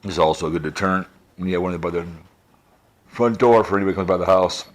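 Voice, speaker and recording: Talking fast in a low voice, a Minnesota vlogger rambles through a casual product review in his backyard, recorded dry. The sunglasses camera mic he wears catches his heavy breathing, and he's easygoing, trailing off with fillers.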